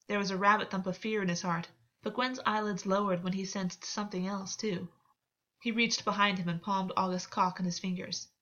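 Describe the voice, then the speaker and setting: A woman narrates a novel in a steady, measured way. Her voice sits in a middle pitch range. The recording is slightly muffled and lo-fi. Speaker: audiobook narrator. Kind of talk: scripted fiction narration.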